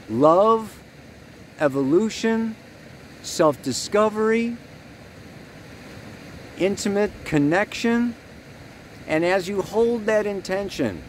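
A man's voice: a little high, darkish tone, a little hiss or hum. A man giving a rambling, earnest spiritual astrology talk, leaning hard on key words.

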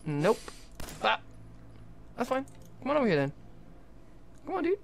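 Excitable young gaming livestreamer, lively pitch. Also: a little slow, creaky. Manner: excitable, jokey, talks to game characters. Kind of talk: live gameplay commentary.

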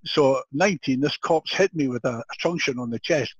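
An older man from Scotland with a Scottish accent, a podcast guest telling an animated story with frequent laughter and restarted sentences. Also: medium pitch, normal speed, husky, dry recording. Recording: dull, dry lo-fi audio.

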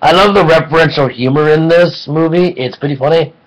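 A man with a slightly raised pitch talks through a casual online review. He rambles eagerly and keeps joking between his points. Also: a little fast, rough recording. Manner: excitable, rambling, jokey. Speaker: film reviewer.

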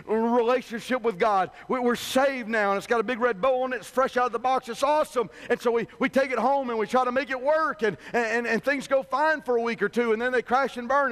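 High-pitched male revival preacher, folksy and humorous, conversational sermon delivery. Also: fairly bright tone.

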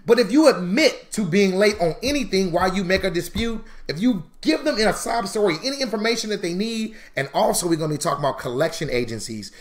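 A man teaching a live-streamed credit class, chatty and animated, calling viewers "y'all" and acting out mock quotes. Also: high voice, quick pace, hardly any pauses. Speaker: credit repair instructor.

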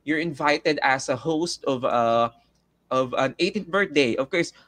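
A man's voice: fairly high pitch, a little slow, fairly bright tone, dry recording. A man with a Filipino accent co-hosting a lesson, chatty and full of fillers, often laughing. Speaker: teacher co-host. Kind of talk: taglish lesson discussion.

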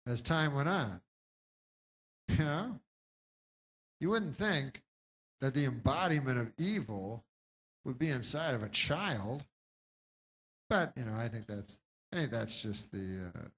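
A man performing a rambling stand-up set, halting and deadpan, with lots of restarts, in a live bootleg recording. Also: mid-range voice, breathy edge. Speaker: stand-up comedian.

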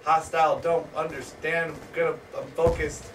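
A man hosting live gameplay commentary, excitable, swearing and yelling at opponents. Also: on the high side, moderate pace, music in the background. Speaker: gaming channel host. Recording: distant mic, noisy background.

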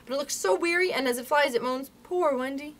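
Woman voicing a young lost boy, high-pitched, breathless, urgent, storybook reading. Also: fast talker, a bit bright. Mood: awestruck.

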